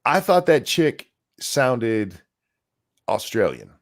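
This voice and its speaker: A man's voice: medium pitch, very animated, takes it slowly. A man co-hosting a casual podcast, ranting in a crude, mocking, profane way. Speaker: podcast co-host.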